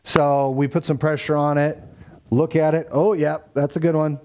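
A man's voice: a little high, flat delivery, normal speed, a little mellow, smooth. A man telling a family story in a casual, faith-tinged way, acting out the dialogue. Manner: conversational, acts out quoted dialogue, frequent fillers.

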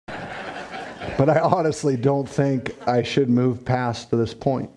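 Pastor, male, middle-aged, warm and mellow tone, earnest pleading sermon delivery. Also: on the low side.

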